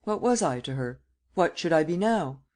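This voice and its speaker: A cool, self-assured gentleman thief who speaks with calm, sardonic ease, as a male audiobook reader voices him. He lays out his schemes with dry confidence in a storybook reading. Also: on the high side, normal speed, voice pushed up, close to an everyday voice. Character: cool, cynical gentleman thief, middle-aged man.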